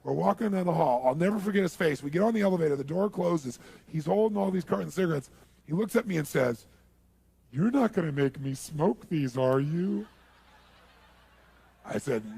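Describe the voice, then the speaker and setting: A man giving a seminar talk, telling a story and acting out the scenes, sometimes bursting into shouts. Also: high voice, vocal fry, slightly rough. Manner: animated, swings to shouting while acting out scenes. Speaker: motivational speaker.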